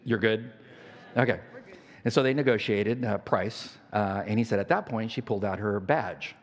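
An older man, a pastor, preaches a sermon in a fairly low voice at a moderate pace. He tells a story conversationally, with plenty of fillers and restarts. The recording has the reverb of a church hall.

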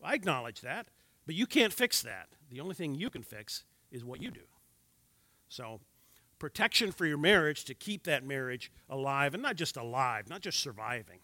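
A man's voice: on the high side, fairly bright tone, no echo. A man in his sixties teaching a church class on marriage from slides, with wry joking asides to the audience.

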